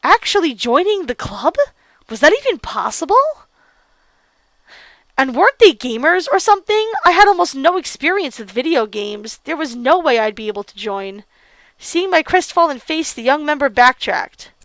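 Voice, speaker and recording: Animated high-voiced woman reading a game. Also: moderate pace, no echo. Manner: animated, gasps and laughs in reaction. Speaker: let's play streamer. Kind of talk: reading a visual novel aloud with commentary.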